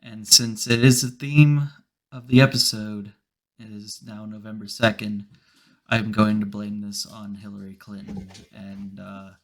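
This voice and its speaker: A man's voice: lowish voice, level tone, measured pace. A man hosting a casual comedy podcast, rambling through stories and mock-serious rants with plenty of swearing. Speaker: podcast host. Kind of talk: casual chat.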